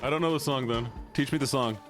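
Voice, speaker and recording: A man's voice: medium pitch, quick pace. A man streaming a game, chatting playfully to his viewers in a casual way. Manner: chatty, playful, talking to chat. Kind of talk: casual gaming stream chat. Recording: game music behind. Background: game music.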